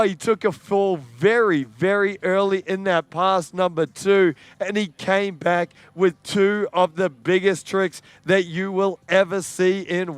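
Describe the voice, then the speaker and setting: A man calling a live sports event, excitable and rising to shouts on the big moments. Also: sits high, clean tone, no room sound. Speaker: sports commentator.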